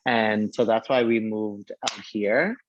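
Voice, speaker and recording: A man's voice: lowish voice, fairly even intonation, slow, dry recording. Sassy new guy dishing on a podcast, calls folks honey, kinda muffled dry audio. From Brooklyn, New York. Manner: sassy and slangy, laughs often, calls people honey. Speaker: drag performer guest. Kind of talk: casual podcast chat.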